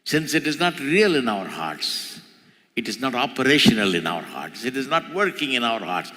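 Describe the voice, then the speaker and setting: A man preaching a sermon as pastor, his voice climbing in pitch and volume as he repeats phrases for emphasis. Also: big pitch swings, normal speed, bright, forceful tone. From India. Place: large church hall. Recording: church hall with long reverb.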